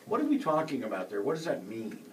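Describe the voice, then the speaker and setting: A man co-hosting a radio show, reading out phone numbers and station IDs in a brisk announcer delivery. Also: medium pitch, huge pitch swings, a little hiss or hum. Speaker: radio co-host. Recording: distant mic.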